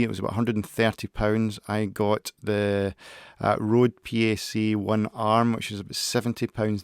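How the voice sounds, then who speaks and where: A man talks his way through a casual product review, hesitant and full of restarts. His voice is fairly low and smooth. He sits close on a studio microphone, and the sound is dry and tight. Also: no room sound. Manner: rambling, hesitant, with many restarts. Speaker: tech reviewer.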